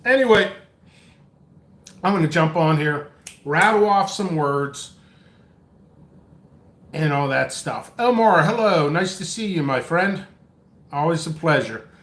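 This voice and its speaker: A man's voice: fairly high pitch, animated, slow pace, long pauses, a bit bright. Rambling, breathless man in an echoey room. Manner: rambling, coffee-fueled, chatty. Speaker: pepper seed seller and channel host. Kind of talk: casual live-stream chat. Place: indoor home workspace.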